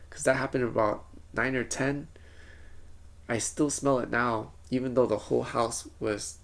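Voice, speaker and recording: A man's voice: mid-range voice, creaky. A man telling a rambling, self-correcting story in a casual vlog. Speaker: vlogger.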